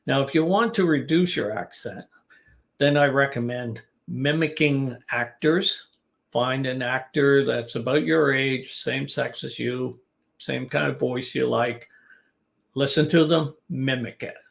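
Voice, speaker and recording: A man teaching business English in a relaxed live-stream lesson, giving advice in a conversational way. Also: mid-range voice, unhurried, gravelly.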